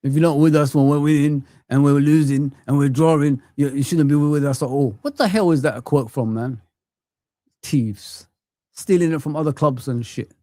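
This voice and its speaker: A man in his thirties or forties, voice fairly high with a dark tone, delivers a passionate, profane rant on a football watch-along stream, often adding "man." He talks at normal speed, and the clean studio sound carries no room echo.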